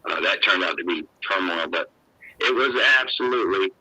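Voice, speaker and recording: A man's voice: low voice, normal speed, pushed and bright, husky, no room sound, muffled recording. An older man telling a long personal story in a rambling, emotional, folksy way, full of "you know". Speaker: guest.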